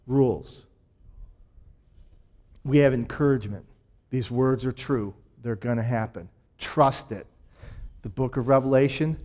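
A man's voice: medium pitch, darkish tone. A man preaching a sermon in a conversational way, with self-deprecating jokes and emphatic repetition.

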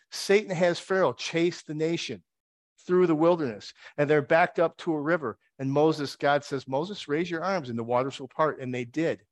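A man's voice: fairly high pitch, dry recording, studio quality. A man preaching a conversational sermon. He retells the story with wry asides and rhetorical questions.

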